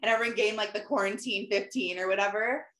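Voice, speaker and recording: A woman hosts a casual live chat, speaking at a middle pitch. She tells stories in an animated way, acting out her own lines with big pitch jumps. Her voice rings in a roomy, echoey space. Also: fast talker. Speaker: host, life coach. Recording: echoey room.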